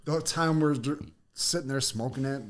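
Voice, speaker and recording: A man co-hosting a podcast in a relaxed casual chat, mostly giving short reactions. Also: mid-range voice, brisk, a little hiss or hum. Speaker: podcast co-host.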